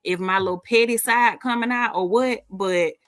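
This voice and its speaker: A woman's voice: medium pitch, moderate pace, fairly bright tone, no room sound, clean studio sound. A middle-aged woman hosting a casual livestream, reading viewer comments and telling sassy stories. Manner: sassy, storytelling, reads viewer comments aloud. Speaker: livestream host.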